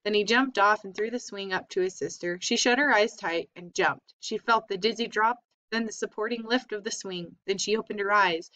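A woman's voice: mid-range voice, moderate pace, hardly any pauses, pushed and bright. Brief: woman reading a storybook aloud, plain delivery with small slips, dull lo-fi sound. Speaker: reader. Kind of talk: reading a children's book aloud. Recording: slightly dull lo-fi recording.

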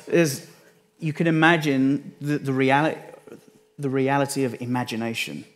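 A man with an English accent, a pastor delivering a sermon in a conversational way, often dropping his voice low for emphasis. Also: steady tone, a little slow. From England. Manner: conversational, restarts phrases, dips quiet for emphasis.

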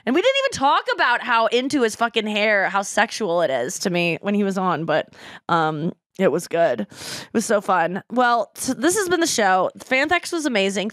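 Woman podcast host in her thirties, high-ish voice, chatty and giggly, dry close mic. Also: expressive, brisk, a bit bright, dry recording. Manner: candid, giggly storytelling with many fillers. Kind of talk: casual chat.

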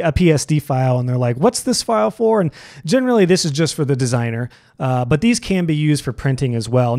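A man walks through a design tutorial in a relaxed, upbeat way. His voice sits a little higher than most men's, and he leans on each new list item before easing into the details. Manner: upbeat, conversational teaching with emphatic list openers. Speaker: web design instructor. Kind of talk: explanatory tutorial.

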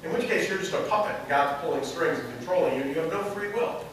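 High-voiced pastor in an echoey church. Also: male voice, animated, fast, a little hiss or hum. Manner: storytelling, builds to loud emphatic peaks. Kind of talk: sermon. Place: church sanctuary. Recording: echoey sanctuary, mic from a distance.

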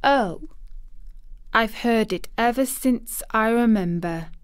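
A woman's voice: medium pitch, takes it slowly, dry recording, clean studio sound, lightly acted. A cross, sickly boy voiced by a woman. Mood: resentful. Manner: cross, restless, gloomy. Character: sickly, resentful bedridden boy.

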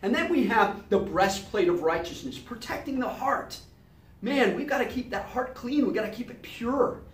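A man teaching Sunday school with a lively, swooping delivery, acting out little scenes as he goes. His voice sounds a little distant from the mic and rings in a roomy, echoey space. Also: very high-pitched, normal speed. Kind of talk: animated Bible lesson.

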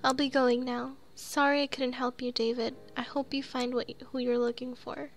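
A woman's voice: high voice, little pitch movement, moderate pace, soft background music. Woman reading Sissy, a timid tearful girl. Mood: resigned. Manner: pleading, self-blaming. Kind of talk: reading game dialogue aloud.

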